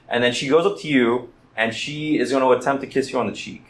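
A man running a tabletop game as game master, narrating in a halting, easygoing way with many fillers. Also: mid-range voice, fairly even intonation.

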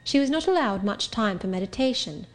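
Woman narrating an audiobook, measured and clear. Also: medium pitch, expressive, soft background music. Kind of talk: scripted narration.

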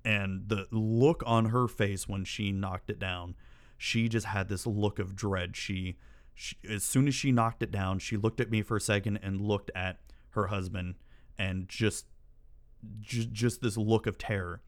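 A man's voice: on the low side, fairly even intonation, unhurried. A man telling stories to camera in a casual, rambling way, often swearing and ranting in exasperation. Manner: rambling and profane, with exasperated rants. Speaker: channel host.

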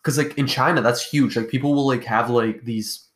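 A man's voice: mid-range voice, steady tone, normal speed. A young man co-hosting a podcast, chatting loosely with slang, swearing and lots of fillers. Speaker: podcast co-host. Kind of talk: casual chat.

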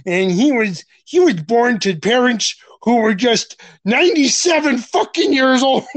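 A man's voice: very high-pitched, expressive, slow pace, no echo. A man co-hosting a podcast in casual chat, crude and joking, laughing often and stumbling over his words. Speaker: podcast co-host.

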